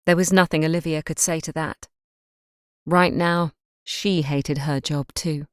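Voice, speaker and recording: A woman narrating a crime novel audiobook in an even, measured way. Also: low-pitched, no room sound, studio quality. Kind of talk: scripted narration.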